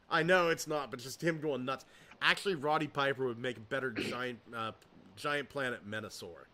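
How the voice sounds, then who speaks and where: A man's voice: medium pitch, moderate pace, sharp tone. A man hosting a casual podcast, reading viewer comments aloud with offhand, dry asides. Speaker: podcast host.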